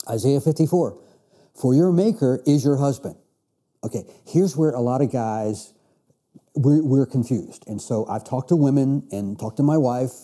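A man's voice: medium pitch, dark tone, breathy edge. A man teaching a Bible class, reading verses aloud and explaining them with emphatic restarts. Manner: reads scripture then explains with emphatic restarts.

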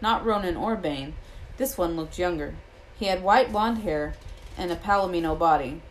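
Woman reading a kids' fantasy book out loud, steady, lower voice. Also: moderate pace, a little hiss or hum, rough recording. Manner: steady storytelling. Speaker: audiobook reader. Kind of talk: reading a novel aloud.

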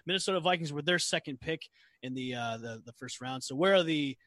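A man with a bright, ringing voice hosts a casual live sports chat and calls each new segment. He often trips over names and says sorry before moving on. The sound is dry and close. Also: on the high side, a little fast, no room sound. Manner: stumbles over names and apologizes. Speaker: host.

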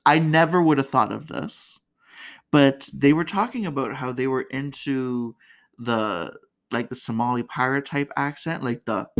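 A woman's voice: very deep voice, expressive, normal speed. A woman hosting a casual comedic commentary, chatty and candid, laughing often. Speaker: podcast host.

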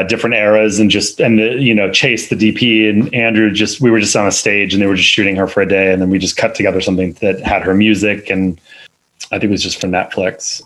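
A man's voice: fairly low pitch, fairly bright tone, poor audio. A man, a film editor, talking casually in an interview, rambling with many fillers and restarts. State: parent of two little kids.

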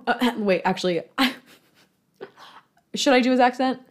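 A woman's voice: medium pitch, moderate pace. A young woman from Michigan in her twenties, chatting casually in a rambling way about her work in theater, full of fillers and self-mocking laughs. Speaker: theater marketing worker. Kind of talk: casual storytelling monologue.

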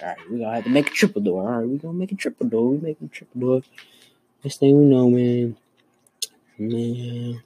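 A young man with a husky voice tells jokes in casual slang. He teases his friends and turns loud and animated as his stories build. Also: medium pitch, no echo, rough recording. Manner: loud, animated storytelling with slangy trash talk. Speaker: joke teller. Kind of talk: casual joke telling.

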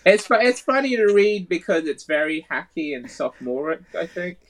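A man's voice: a little high, normal speed, poor audio. Man reading a true-crime passage aloud. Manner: reads passages in a plain, steady way, stumbling over words.

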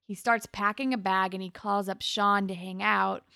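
A woman's voice: medium pitch, fairly even intonation, moderate pace, creaky, sharp tone. A young woman with a mid-range voice talks loosely through an episode recap, quoting the characters as she goes. Her voice sounds close and dry, with no room echo. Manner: chatty, loose storytelling with many fillers and quoted lines. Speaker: podcast co-host. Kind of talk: casual chat recapping a TV episode.

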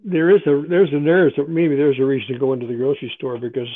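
A man's voice: medium pitch, steady tone, fast talker. A man co-hosting a podcast who chats casually and answers in short, easygoing remarks. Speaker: podcast co-host. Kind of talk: casual chat. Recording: thin phone-like line.

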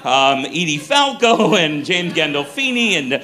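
A middle-aged male stand-up comedian telling a story on stage, animated and profane. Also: on the high side, measured pace.

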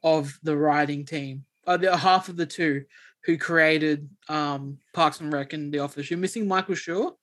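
A man's voice: a little high, a little slow, a bit bright, no room sound. A man with a slightly raised voice chats casually as a podcast co-host. He rambles loosely, swears freely and laughs often. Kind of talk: casual chat.

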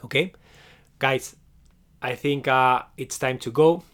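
A man hosting a live session as a meditation teacher, speaking gently and encouragingly, often checking in with "okay?" and restarting his phrases. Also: medium pitch, takes it slowly. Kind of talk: live stream closing talk.

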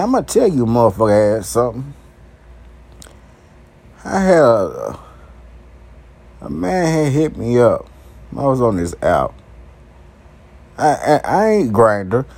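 Slow, animated profane storyteller man. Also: fairly high pitch. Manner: crude, rambling storytelling with heavy swearing. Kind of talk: profane comedic monologue.

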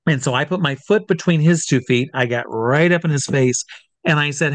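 Man, stage hypnotist guest, lively storyteller, slightly high pitch, dry close sound. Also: normal speed, no echo. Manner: animated, acts out quotes of others. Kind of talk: storytelling in a conversational interview.

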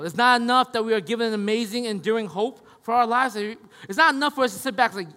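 Pastor in his 30s preaching, kinda high voice, lots of "right?", reverb from a big church hall. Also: fairly quick. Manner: conversational, tag questions, swings from hushed to loud. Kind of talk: sermon.

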